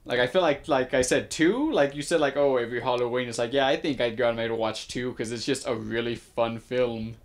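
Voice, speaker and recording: A man's voice: medium pitch, brisk, hardly any pauses. A man co-hosting a podcast in casual movie review chat, with a laid-back, hesitant way of talking that often stammers over his words. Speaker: podcast co-host.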